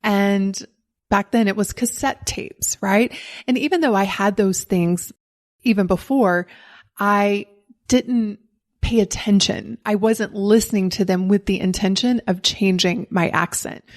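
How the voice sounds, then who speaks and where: A woman's voice: medium pitch, a little slow. A woman in her forties, raised in the American South, hosting her own podcast with a neutral American accent and a faint Southern trace. She talks candidly and encouragingly and laughs often. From Southern United States. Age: 40s. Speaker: podcast host. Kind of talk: solo podcast monologue.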